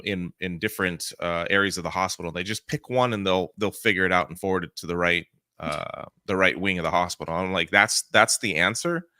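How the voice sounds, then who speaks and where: A man's voice: sits low, sharp tone, smooth, no room sound, studio quality. A man co-hosting a casual veterans' podcast who tells stories in a profane, ranting way. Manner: profane storytelling with ranting asides. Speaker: podcast co-host. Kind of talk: casual chat.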